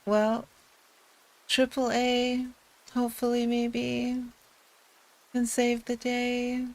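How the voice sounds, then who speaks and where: Woman streamer, casual chat, unhurried and giggly, slightly high voice. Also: monotone, low-quality recording. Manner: giggly, chatty, easygoing.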